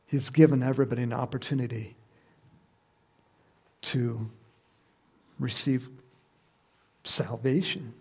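A man's voice: medium pitch, fairly even intonation, slow pace, long pauses, slightly rough. A man preaching a sermon in a conversational way, often asking his listeners questions. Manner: conversational, asks the congregation questions, laughs.

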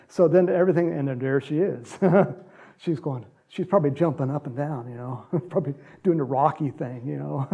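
A man preaching a sermon, retelling a gospel story with animated storytelling and acted-out lines. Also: on the high side, brisk, breathy edge, muffled recording. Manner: animated storytelling, acts out quotes, laughs often.

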